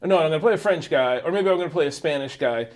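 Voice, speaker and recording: A man's voice: on the high side, expressive, fast. A man co-hosting a casual movie review show, jokey and rambling, laughing often between comments. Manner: does mock voices when joking.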